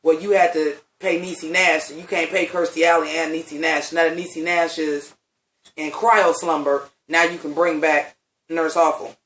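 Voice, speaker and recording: A man giving a casual, animated and profane review of a TV episode, talking with the ease of a chatty vlogger. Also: fairly high pitch, normal speed. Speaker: TV recap vlogger. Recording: roomy sound from a distant mic.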